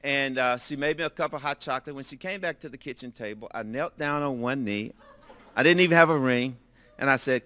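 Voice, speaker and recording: Bright-voiced older man telling a story. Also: mid-range voice, a little fast, clean tone. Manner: lively, animated storytelling with acted-out dialogue. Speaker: speaker telling a personal story. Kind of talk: storytelling sermon.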